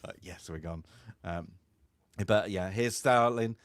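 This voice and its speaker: A man co-hosting a film discussion, talking loosely and laughing between thoughts. His voice sits on the low side and sounds close and dry, with no room around it. The pace is relaxed and chatty. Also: slow, no echo. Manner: rambling, laughs often between phrases. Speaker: film podcast co-host. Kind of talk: casual chat.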